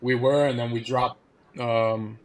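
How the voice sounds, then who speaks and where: A young man, a former college ballplayer, telling stories as a podcast guest in a casual, animated way, laughing often and acting out quotes. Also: mid-range voice, a little slow, slight background noise. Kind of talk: casual storytelling.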